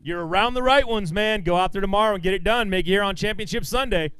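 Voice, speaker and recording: Upbeat high-voiced male weigh-in announcer. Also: fast talker, fairly bright tone, clean tone, no room sound. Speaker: tournament weigh-in emcee. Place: outdoor fishing tournament weigh-in stage.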